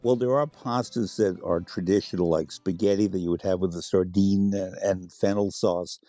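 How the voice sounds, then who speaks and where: A man's voice: low-pitched, steady tone, moderate pace, dark tone, no room sound, faint music behind. A man being interviewed on the radio as an expert on Italian food, explaining dishes with enthusiasm and spelling out words.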